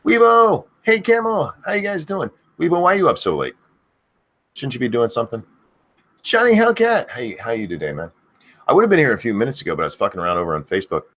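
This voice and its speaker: A middle-aged man hosting a live stream, chatting casually and crudely, swearing freely, and bursting into high-pitched shouts of viewers' names. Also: sing-song, very fast, slightly rough.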